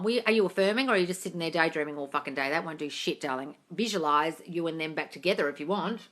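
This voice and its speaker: Bright-toned woman calling everyone darling. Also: on the low side. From Australia. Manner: breezy and blunt, calls viewers darling, swears casually. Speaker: manifestation coach on a live stream. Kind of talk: casual live Q&A, reading viewer comments.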